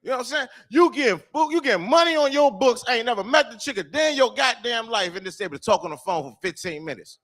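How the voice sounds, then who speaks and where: A man doing a stand-up comedy set, telling a loose rambling story with lots of filler and swearing, breaking into shouted quoted voices. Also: very high voice, animated, quick pace, few pauses. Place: live comedy show venue.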